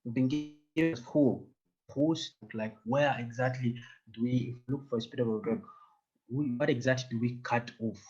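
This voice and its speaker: A man's voice: mid-range voice, normal speed, a little mellow, muffled recording. A man teaching an online German class in English, patient and joking, dropping German words in.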